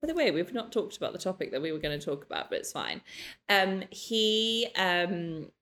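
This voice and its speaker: A woman's voice: on the low side, very animated, moderate pace, a bit bright. A woman co-hosting a podcast in casual chat, blunt and swearing casually. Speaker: podcast co-host.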